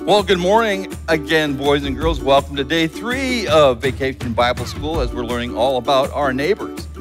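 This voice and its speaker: A man, a pastor, telling a bible story to children in an animated storyteller's way. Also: medium pitch, moderate pace. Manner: animated storyteller, acts out characters. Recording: long hall reverb, faint music.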